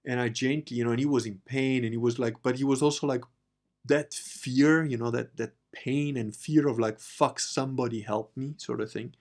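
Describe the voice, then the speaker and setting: Speaking at a moderate pace in a mid-range voice, an Italian man hosting a podcast shares a personal story. He is animated, casual, and profane, and he alternates between hushed asides and loud bursts.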